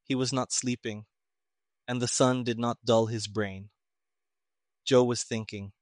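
A man reading a story aloud in measured, even audiobook narration. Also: medium pitch, no echo, clean studio sound.

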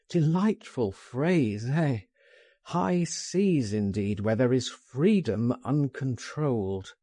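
A man narrates a first-person story with a husky, mellow voice and a lively, swooping pitch. He reads slowly and theatrically, recorded close and dry. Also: dry recording. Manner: expressive, persuasive, theatrical reading. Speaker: audiobook narrator.

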